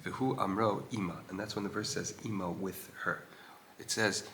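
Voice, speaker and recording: In an old stone synagogue, a Torah teacher with a fairly low, sharp voice studies a text, reading Hebrew lines aloud and translating them. He explains as he goes, pausing with fillers and posing questions to the text. There's slight background noise.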